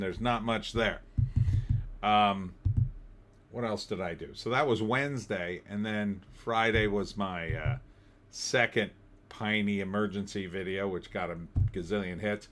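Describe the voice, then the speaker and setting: A man with a fairly low voice hosts a relaxed livestream. He chats loosely about his week and reads viewer comments aloud as he goes. He sounds middle-aged and is from New Jersey. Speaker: livestream host. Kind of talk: casual livestream chat reading comments.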